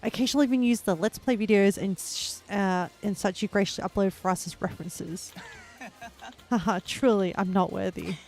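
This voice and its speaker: A young woman streaming a game, her talk loose and giggly as she answers her chat between plays. Her pitch sits in an everyday middle range, and faint game music plays under her voice. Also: normal speed, a little mellow. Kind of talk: casual let's-play commentary.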